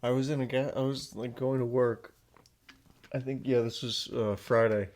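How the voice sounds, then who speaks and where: A man co-hosting a podcast in casual chat, laid-back and deadpan. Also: mid-range voice, moderate pace, slight background noise. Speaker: podcast co-host.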